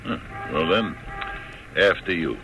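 A man's voice: expressive, slow, sharp tone, soft background music, heavily acted. An actor playing a weary, wary pickpocket in a radio drama, mumbling his replies. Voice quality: gravelly, very deep. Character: weary middle-aged male pickpocket. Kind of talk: 1970s radio drama acting.

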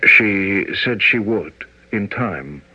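A man's voice: lowish voice, expressive, slow pace, pushed and bright, slightly rough, exaggerated voice. An actor playing a proud, moody young male painter who talks in brusque, commanding, impulsive bursts, in old-time radio acting. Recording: dull old radio recording.

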